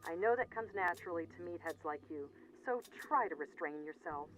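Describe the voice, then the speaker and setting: A woman's voice: lowish voice, expressive, brisk, over a noisy crowd, natural voice, rough recording. A woman in a game dub voicing a haughty, condescending woman scolding some rangers. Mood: scornful.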